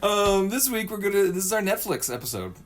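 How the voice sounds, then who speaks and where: A man co-hosting a casual chat podcast, laid-back and halting, often chuckling and restarting his sentences. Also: high voice, very animated, a crowd in the background. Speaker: podcast co-host.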